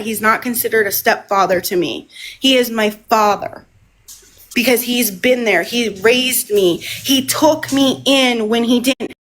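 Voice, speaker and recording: A woman's voice: a little high, a bit bright, rough recording. Rambling, emotional woman streaming live. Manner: rambling, emotional, repeats herself. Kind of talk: casual live stream monologue.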